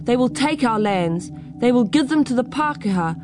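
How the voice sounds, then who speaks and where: A woman's voice: on the high side, expressive, normal speed, background noise, pitched above the performer's own voice, natural voice. Woman reading as an angry defiant uncle. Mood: angry, pleading. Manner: raised and insistent. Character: angry Māori man, the narrator's uncle, defiant. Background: music.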